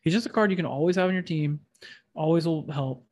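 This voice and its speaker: A man's voice: fairly high pitch, fast talker, darkish tone. A man hosting a casual podcast chat, with a nasal voice and a rambling, self-deprecating way of talking. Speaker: podcast host.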